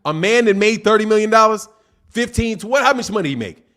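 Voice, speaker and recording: A man's voice: sits high, animated, quick pace, fairly bright tone. A man hosting a live boxing stream, reading chat comments and answering them in a combative, teasing way with lots of "man" and "dog". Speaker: boxing channel host.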